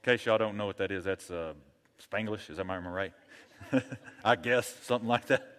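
A man's voice: on the low side, moderate pace, a bit bright, big-room sound. A male pastor preaching a sermon in an emphatic, rallying manner.

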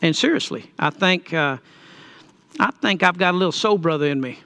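A middle-aged pastor preaching with a high, bright voice. He talks in a folksy, storytelling way, then presses his points home with emphasis. His tone stays clear and lively in the upper register. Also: normal speed. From Texas. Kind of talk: sermon storytelling.

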